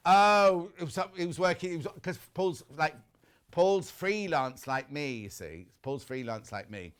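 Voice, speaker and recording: Lively chatty male TV presenter. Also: fairly high pitch, unhurried, clear, resonant tone. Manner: lively, gossipy, reads viewer messages aloud. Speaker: shopping channel presenter. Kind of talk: chatty live TV selling. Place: TV studio.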